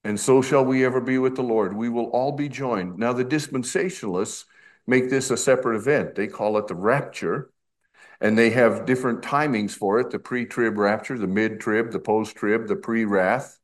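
A middle-aged male pastor preaching an expository sermon, slow and emphatic, with conversational asides. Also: medium pitch.

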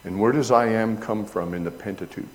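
A man preaching a sermon and explaining Greek words, deliberate in delivery and building to loud emphatic peaks. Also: lowish voice. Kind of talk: sermon with Greek word study. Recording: long hall reverb.

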